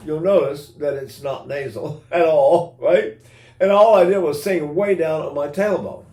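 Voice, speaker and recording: An older man teaches singing in an animated way, now and then breaking into a sung vowel or a laugh to make his point. His speaking voice sits a bit high for a man. The room around him rings with a noticeable echo. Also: a little slow. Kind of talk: singing lesson with sung examples. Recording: roomy echo.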